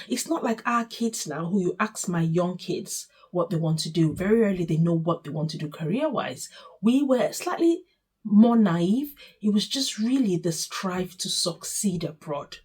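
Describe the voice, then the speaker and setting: A woman in her forties with a Nigerian accent, recounting her own story to camera. Her voice is husky and a little breathy. She talks in a candid, straight-talking way with open emotion, at a medium pitch for a woman. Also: expressive, moderate pace, a little mellow. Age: 40s. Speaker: vlogger.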